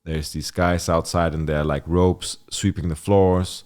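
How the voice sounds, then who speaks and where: Young man, very deep voice, rambling storyteller who swears and laughs, studio podcast guest. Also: a little slow. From Denmark. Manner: animated, laughing storyteller, heavy use of "like", swears freely. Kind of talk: casual storytelling.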